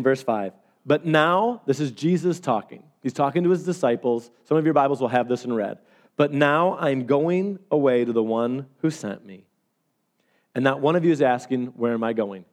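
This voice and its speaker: A man preaching a sermon as pastor, telling stories with animated swings between loud and hushed delivery. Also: mid-range voice, moderate pace.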